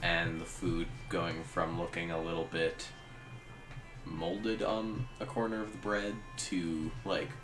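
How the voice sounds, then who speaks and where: Man, game master, deep voice, unhurried narration, echoey room, guitar music behind. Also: level tone. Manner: unhurried descriptive narration with fillers. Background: ambient guitar music.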